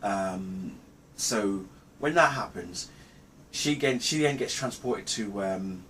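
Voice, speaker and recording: A man recapping a film's plot in a casual review, rambling and halting with many ums and restarts. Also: fairly low pitch, expressive, a bit bright, slight background noise. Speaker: movie reviewer. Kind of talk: casual spoken film review.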